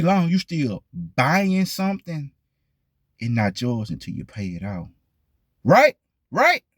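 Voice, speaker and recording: A man's voice: fairly low pitch, no room sound, clean studio sound. A man hosting his own vlog in casual talk to the camera, who stresses his points by repeating them and keeps asking the viewers questions. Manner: talks straight to viewers, asks them questions. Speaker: vlog host.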